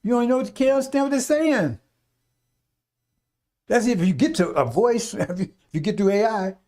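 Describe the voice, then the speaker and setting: Fiery, preachy man with high, dark voice. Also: lively intonation, moderate pace. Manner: fiery, preachy, swears, mimics voices in asides. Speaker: radio talk host. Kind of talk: rambling radio monologue.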